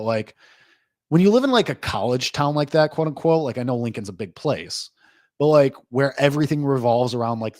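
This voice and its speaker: A man hosting a live sports betting reaction show, talking loosely and rambling, full of "like", with excitable jumps and low asides. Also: no room sound. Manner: rambling, loose, heavy use of "like"; excitable swings between lively and low asides. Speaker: host.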